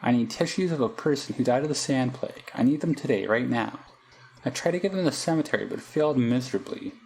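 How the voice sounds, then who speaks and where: A man's voice: mid-range voice, quick pace, vocal fry, slight background noise, low-quality recording. A man reading the lines of an impatient, earnest male doctor in his own voice. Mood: urgent. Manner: read flatly in own voice.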